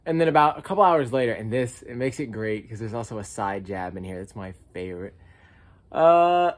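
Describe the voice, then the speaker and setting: A young man with an American accent telling funny college stories in a casual vlog, jumping from loud squeaky outbursts to low mumbled asides. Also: expressive, fairly quick. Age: young adult.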